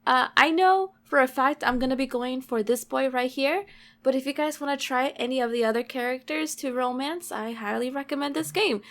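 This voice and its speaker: A woman's voice: high-pitched, brisk, fairly bright tone. A young woman hosting a gaming video, chatting casually and reading the game text aloud in a bubbly way.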